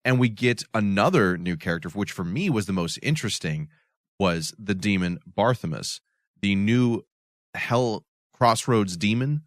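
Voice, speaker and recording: A man co-hosting a casual podcast, thinking out loud at length about a TV episode with many restarts. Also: fairly low pitch, animated, a little slow, dry recording, clean studio sound. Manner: thoughtful, explains at length with restarts. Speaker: podcast co-host.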